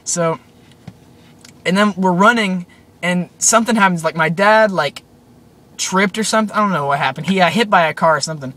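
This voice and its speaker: A man's voice: sits high, moderate pace, long pauses, sharp tone. A young man casually retelling a strange dream to his viewers, rambling with lots of "like" and "um". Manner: rambling, full of "like" and "um". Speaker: vlogger. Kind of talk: casual storytelling.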